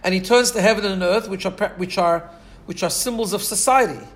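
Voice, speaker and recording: A man with a slightly higher-than-usual voice delivers a sermon as a long, earnest story. He talks his way through it with frequent restarts and repeated words. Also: brisk. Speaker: Torah teacher.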